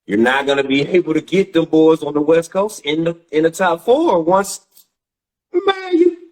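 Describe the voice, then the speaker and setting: A man's voice: a little high, moderate pace, low-quality recording. A man co-hosting a casual podcast, talking bluntly and with swearing about sports and daily life. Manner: blunt, profane, animated. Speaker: podcast co-host. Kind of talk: casual chat.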